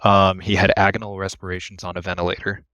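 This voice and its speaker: A man's voice: deep voice, fast, no room sound. A young man, an ambulance worker, telling work stories in a casual podcast chat, laughing often and acting out the people he quotes. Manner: animated storyteller, laughs often, acts out quotes. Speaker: guest, ambulance AEMT.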